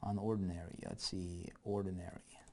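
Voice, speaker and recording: A man's voice: low-pitched, flat delivery, moderate pace, mellow, a little hiss or hum. A man teaching online marketing in a casual screen-share walkthrough, thinking aloud and often checking in with "right?".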